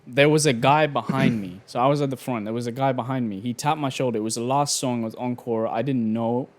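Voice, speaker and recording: A man co-hosting a podcast in laid-back casual chat, reacting and telling his own story. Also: mid-range voice. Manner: laid-back, quick reactions, says "bro". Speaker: podcast co-host.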